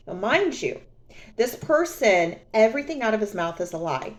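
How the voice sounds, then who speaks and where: A young adult woman telling a personal story in a casual vlog, sassy and animated, often mocking others. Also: medium pitch, a little slow. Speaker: vlogger.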